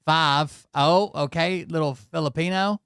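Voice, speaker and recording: A man's voice: fairly high pitch, a little slow, fairly bright tone, smooth, dry recording, clean studio sound. A man hosting, giving casual offhand reactions to videos, often muttering and trailing off. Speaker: host.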